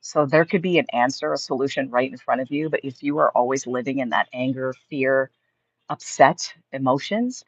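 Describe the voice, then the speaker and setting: Motivational live-stream host, mid-pitched, chatty and encouraging; close, dry, slightly lo-fi home recording. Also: moderate pace, dry recording. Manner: upbeat, reads viewer comments aloud and answers them. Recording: slightly dull lo-fi stream audio.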